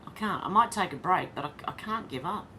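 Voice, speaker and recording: A woman's voice: lowish voice, lively intonation, fairly quick, pushed and bright, a little hiss or hum. An Australian woman hosting a casual livestream, talking in a tired, wry way and reading out chat comments. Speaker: livestream host.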